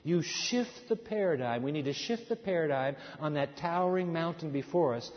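A male pastor preaching a sermon, swinging between loud, fervent passages and hushed, quiet ones. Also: a little high, lively intonation, moderate pace. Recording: dull sound in a hall with long reverb.

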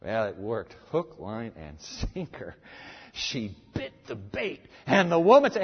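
A man's voice: mid-range voice, wildly swooping pitch, takes it slowly, slightly rough. Dramatic male preacher in an echoing hall. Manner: dramatic, emphatic, with big swings in loudness. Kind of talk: sermon. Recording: echoey hall, dull lo-fi sound.

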